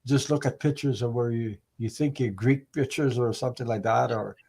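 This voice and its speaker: A man in a casual group conversation, musing in halting, restarting speech. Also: medium pitch, fairly even intonation, creaky, darkish tone. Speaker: participant.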